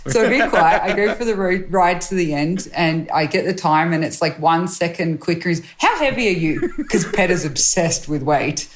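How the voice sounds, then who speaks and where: A woman with a slightly low voice tells her rally stories in a lively, chatty way. She acts out the people she quotes, often breaking into laughter. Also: normal speed, few pauses, a little hiss or hum. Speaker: rally co-driver guest. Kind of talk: animated anecdotal storytelling.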